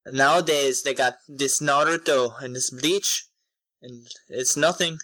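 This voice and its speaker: A man's voice: medium pitch, unhurried, sharp tone, dry recording, low-quality recording. A man voicing a boastful Scottish man who rambles through tall tales in a put-on Scottish accent. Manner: jokey, rambling, exaggerated.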